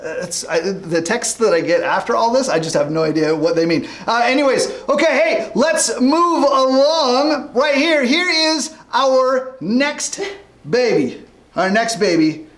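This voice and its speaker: A man's voice: extremely high pitch, animated, unhurried, fairly bright tone, echoey room. A man hosting a live-stream guessing game for a youth group, upbeat and chatty as he rattles off viewers' guesses.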